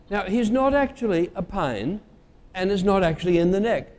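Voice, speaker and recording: A man's voice: high-pitched, expressive, brisk, darkish tone. Man preaching in a reverberant hall. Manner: conversational, quizzing the congregation with idioms. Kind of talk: sermon.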